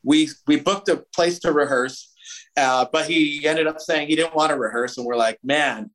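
A man, a musician guest, telling a story in a casual interview, animated and swearing freely. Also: on the high side, moderate pace, poor audio. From United States.

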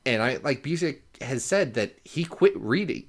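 A man co-hosting a podcast in casual chat, animated, with many restarts and laughs. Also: mid-range voice, normal speed. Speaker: podcast co-host.

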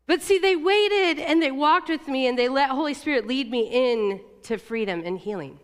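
A woman's voice: high-pitched, animated, normal speed, long reverb tail. A middle-aged woman giving a sermon in a candid, conversational way, with fillers and self-corrections. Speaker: church leader.

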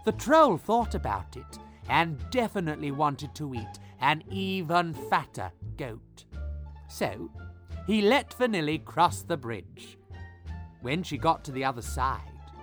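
A man narrating a comic children's story, playful and expressive. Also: a little high, slow, faint music behind.

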